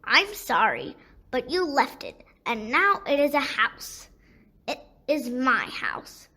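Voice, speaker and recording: A woman's voice: high voice, big pitch swings, takes it slowly, bright, forceful tone, husky, full character voice. A woman voicing a small homeless male toad in a children's storybook, talking in a pleading way. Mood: insistent. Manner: pleading, plaintive.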